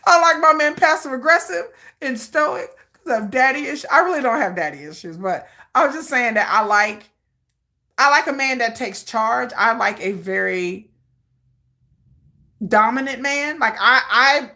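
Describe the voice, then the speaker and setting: A woman hosting a livestream in casual chat, rambling and animated and laughing often. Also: a little high. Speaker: livestream host.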